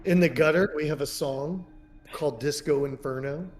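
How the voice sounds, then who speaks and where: A young man playing a tabletop game, playful and excitable. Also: a little high, normal speed, faint music behind. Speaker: player.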